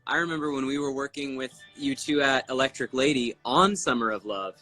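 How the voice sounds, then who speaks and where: Bright-voiced man asking questions. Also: medium pitch, fairly quick, faint music behind, poor audio. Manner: prompting questions, relaying viewer requests. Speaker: co-host. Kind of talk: casual chat on a livestream.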